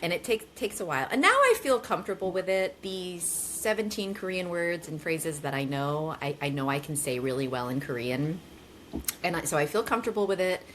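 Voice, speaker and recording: Low, animated American woman on a podcast. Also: a little fast, slight background noise. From United States. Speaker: guest. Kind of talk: casual podcast conversation.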